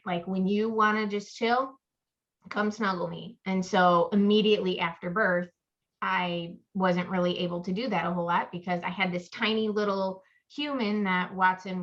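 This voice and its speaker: A woman's voice: mid-range voice, a bit bright. A woman co-hosting a casual chat podcast, rambling through stories and acting out her own inner voice. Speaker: podcast co-host. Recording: muffled lo-fi audio.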